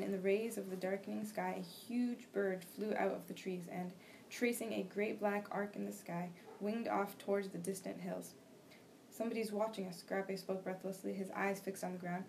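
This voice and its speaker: A young woman reading a novel aloud for a class discussion, steady and plain, with small slips and restarts. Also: mid-range voice, vocal fry. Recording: faint background noise.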